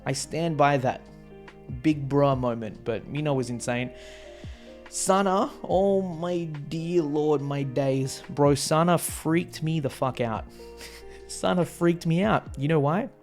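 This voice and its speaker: An excitable man with a gravelly, fry-edged voice recaps a concert in casual, slangy talk, swearing and laughing freely. Soft music plays faintly behind him. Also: fairly high pitch, takes it slowly. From Australia. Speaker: vlogger.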